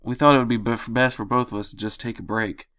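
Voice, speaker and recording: A man's voice: medium pitch, fairly even intonation, fast talker, a bit bright, no room sound, clean studio sound, close to an everyday voice. A man voicing a weary male pony drinking at a bar over his marriage troubles, sighing and downcast. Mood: glum.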